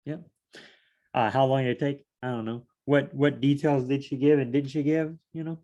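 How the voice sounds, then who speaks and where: A man's voice: medium pitch, steady tone, normal speed, dark tone, muffled recording. A man leading a casual Bible study, rambling and asking himself questions as he reads. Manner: rambling, thinks aloud and asks himself questions; repeats phrases, many fillers.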